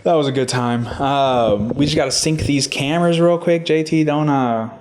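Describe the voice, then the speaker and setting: A relaxed male podcast host, talking in an easygoing, joking way and swearing freely. His voice sits at an ordinary middle pitch for a man. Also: moderate pace, crowd noise. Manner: laid-back, swears casually, joking. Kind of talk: casual podcast chat.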